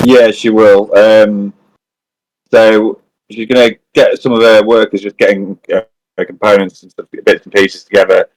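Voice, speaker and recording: A man's voice: on the low side, level tone, moderate pace, no room sound, rough recording. A man, a player chatting casually at a tabletop game, rambling and correcting himself as he goes.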